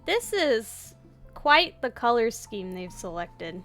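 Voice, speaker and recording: A woman's voice: on the high side, big pitch swings, takes it slowly, fairly bright tone, soft background music. A woman chatting casually to herself while playing a game, swearing offhandedly as she goes. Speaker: let's-play gamer. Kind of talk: casual gameplay commentary.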